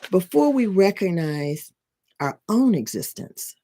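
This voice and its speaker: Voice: medium pitch, big pitch swings, takes it slowly, dark tone, slight background noise. A spiritual and life coach explaining ideas in a casual, rambling way, with frequent restarts and tag questions. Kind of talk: casual teaching talk.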